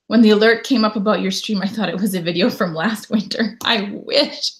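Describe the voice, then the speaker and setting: A woman's voice: medium pitch, normal speed, few pauses. A Canadian woman in her thirties hosting a casual live stream from home, greeting viewers and chatting about her day. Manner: chatty, reads viewer comments aloud and greets them. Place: home in winter.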